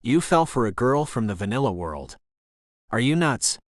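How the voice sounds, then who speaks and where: A man's voice: medium pitch, very animated, moderate pace, dry recording, clean studio sound, close to an everyday voice. A man reading a curt, paranoid hacker. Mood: curt, suspicious. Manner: curt and accusing. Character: suspicious paranoid male hacker partner, cold. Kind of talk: audiobook character voice.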